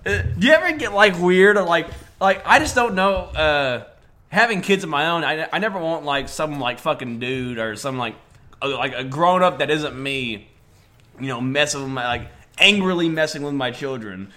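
A young man chats casually as a podcast co-host, his voice sitting a little high and sounding bright and forward. He rambles through his thoughts with plenty of fillers and breaks into laughter often. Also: expressive, moderate pace. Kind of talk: casual chat.

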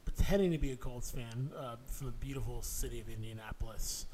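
A man's voice: mid-range voice, fairly quick, dark tone, a little hiss or hum. A man co-hosting a sports podcast, making crude jokes and stammering through restarts in casual banter. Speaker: podcast co-host.

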